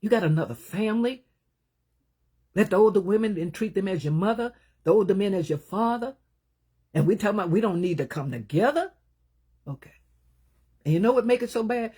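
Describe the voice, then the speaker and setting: With a husky voice, a woman preaches a sermon full of passion and emphasis, alternating between loud bursts and hushed, low asides.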